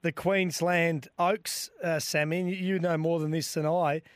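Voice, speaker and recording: A man co-hosting a racing radio show, with a high-pitched voice. He is jokey and quick to chime in, and the sound is dry and close. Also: little pitch movement, no echo. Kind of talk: casual radio chat.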